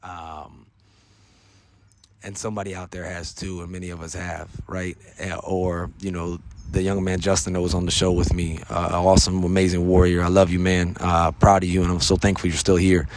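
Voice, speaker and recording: A man's voice: sits low, little pitch movement, moderate pace, darkish tone, slight background noise. An American man hosting a podcast, speaking in an earnest, casual monologue, often tagging his sentences with "man" and "right?". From United States. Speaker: podcast host.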